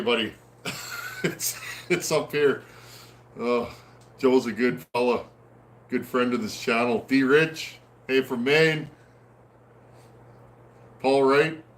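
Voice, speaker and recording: A man hosting a live video stream, greeting viewers one by one as their comments come in. He talks in a relaxed, friendly way, with plenty of "um" and "uh" pauses. His voice sits at an ordinary middle pitch for a man. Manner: friendly and easygoing, frequent "um" and "uh" pauses. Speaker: host of a livestream on chainsaw repair. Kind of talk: casual live chat, reading viewer comments aloud. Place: at home in a snowy area.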